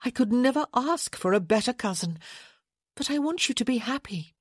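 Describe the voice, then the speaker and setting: A woman's voice: on the high side, animated, moderate pace, slightly rough, no room sound, studio quality, voice pushed up. A woman voicing a meddling young noblewoman, coaxing. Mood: earnest coaxing. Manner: coaxing, gently insistent.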